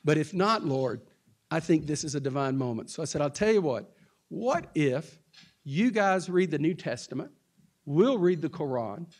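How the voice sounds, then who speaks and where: A man's voice: a little high, big pitch swings, moderate pace. A man from Texas, a pastor, telling a story, laughing often and acting out the other people in it. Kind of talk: storytelling talk.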